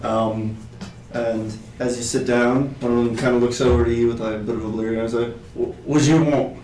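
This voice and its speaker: A man's voice: medium pitch, level tone, fast talker, a little mellow. A man narrates a tabletop game as game master, circling back and restarting as he goes. He sits far from the mic in a roomy space, with faint noise underneath. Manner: loose, rambling narration with many restarts.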